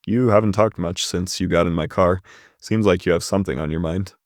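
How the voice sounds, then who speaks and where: Casting: a man voicing a stern, blunt ex-convict, low voice, read straight. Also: brisk, no room sound, studio quality, natural voice.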